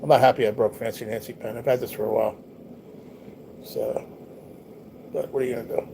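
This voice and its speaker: A man's voice: medium pitch, fairly even intonation, rapid-fire, gravelly. Blunt, cursing man on a noisy stream. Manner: blunt, profane, rambling talk to viewers. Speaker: livestream host. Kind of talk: casual livestream chat. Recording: noticeable background noise.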